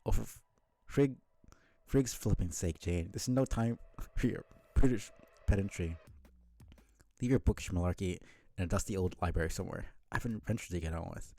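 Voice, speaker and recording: Deep, gravelly, dark-toned, a man voicing a brash young male adventurer in a fan read-through. He bursts out with quaint exclamations and sounds exasperated and hurried. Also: dry recording. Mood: flustered. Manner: exasperated, old-fashioned exclamations.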